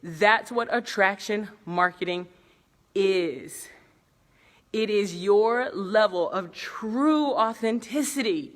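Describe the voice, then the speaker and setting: A woman's voice: mid-range voice, takes it slowly. Blunt, profane woman in a reverberant room. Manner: blunt, profane, animated, laughs often. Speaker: speaking coach. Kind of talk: casual livestream talk to viewers. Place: hotel conference room at night.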